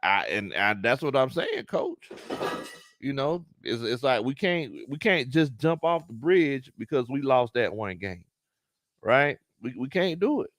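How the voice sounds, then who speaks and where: With a Southern US accent and a sing-song, fairly bright mid-range voice, a man hosts a laid-back sports livestream at a measured pace. He reads out chat comments, often repeating himself and laughing, and the recording is dry.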